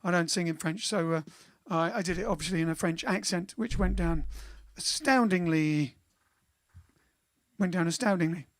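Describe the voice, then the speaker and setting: A man from England hosting a casual livestream, chatting and joking quickly between songs. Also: high-pitched, dry recording, studio quality. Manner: chatty, joking, rapid asides. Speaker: band singer and host. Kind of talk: casual livestream chat and singing.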